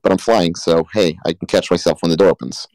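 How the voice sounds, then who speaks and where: A man's voice: low-pitched, steady tone, fast talker, a little mellow, dry recording, low-quality recording. A man playing a tabletop game, planning his moves hesitantly with many restarts. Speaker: player. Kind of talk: casual tabletop play chat.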